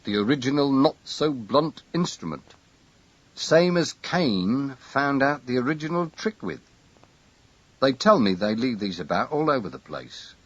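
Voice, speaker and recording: A man's voice: medium pitch, sing-song, a little slow, no echo, dull audio, voice pushed up. A man doing a wry Cockney city detective.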